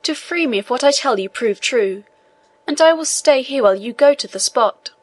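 A woman's voice: sits high, expressive, normal speed, voice pushed up. A woman voicing an elderly male prisoner, an abbé who speaks in a pleading, insistent way.

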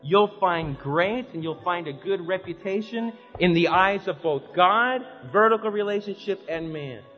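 High-voiced emphatic male preacher. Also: measured pace, faint music behind. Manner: emphatic, swinging from loud urging to quiet pleading. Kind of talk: sermon. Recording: reverberant hall, dull lo-fi sound.

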